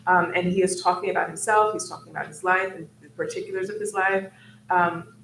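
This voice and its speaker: A woman's voice: lowish voice, steady tone, a little fast, creaky, a bit bright. A woman speaking as an academic on a discussion panel, thoughtful and searching, with frequent ums as she works through her ideas. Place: event hall. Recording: roomy hall with faint noise.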